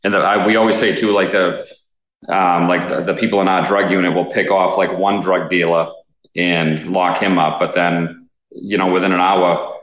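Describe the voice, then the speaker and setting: A man's voice: low voice, little pitch movement, normal speed, fairly bright tone, roomy sound, poor audio. A man, a police officer in his thirties, telling stories in a casual interview, rambling with lots of fillers and swearing. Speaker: police officer, SWAT guest.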